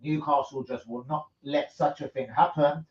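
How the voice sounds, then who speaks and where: A man's voice: a little high, fairly even intonation, moderate pace, darkish tone, husky. Sweary man ranting on a stream. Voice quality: sweary, rambling, street slang. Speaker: football channel host. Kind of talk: live stream rant. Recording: lo-fi livestream audio.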